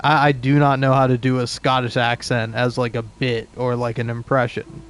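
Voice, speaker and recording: A man's voice: medium pitch, little pitch movement, normal speed. A young man in his twenties with an East Coast American accent, rambling and cursing through casual gameplay commentary full of restarts. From southeastern United States. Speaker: let's play host.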